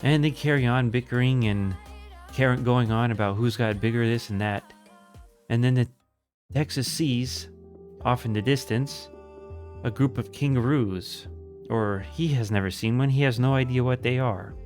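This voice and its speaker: A man giving casual gameplay commentary, thinking aloud in a relaxed way with small hesitations. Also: medium pitch, normal speed, faint music behind.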